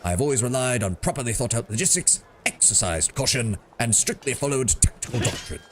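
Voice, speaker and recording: A man's voice: mid-range voice, animated, fairly quick, noisy background, pitched above the performer's own voice, natural voice. A man voicing a pompous, chatty male mercenary captain in a put-on British accent, reading game dialogue aloud. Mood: proud. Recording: music playing behind.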